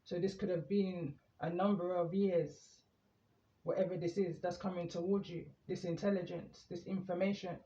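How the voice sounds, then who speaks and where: A man doing a calm, meandering tarot reading, reading the cards aloud as he draws them. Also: high-pitched, normal speed. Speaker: tarot reader. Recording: echoey room, muffled lo-fi sound.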